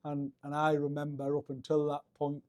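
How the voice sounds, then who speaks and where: A man's voice: on the high side, monotone, moderate pace, darkish tone, dry recording. A middle-aged man with a Geordie accent, telling his story in a casual interview, rambling with many restarts and fillers. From Northeast England. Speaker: guest.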